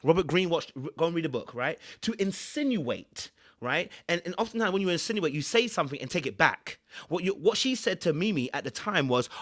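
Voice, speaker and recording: Male relationship coach, reaction host, emphatic and preachy, voice sits a bit high. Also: expressive, fairly quick, fairly bright tone. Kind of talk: reaction commentary.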